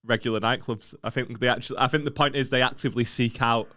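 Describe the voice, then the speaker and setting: A man's voice: medium pitch, fairly even intonation, fast, sharp tone, no room sound. A young man with a Northern English accent, co-hosting a comedy podcast in casual chat, rambling through stories and laughing often. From Northern England.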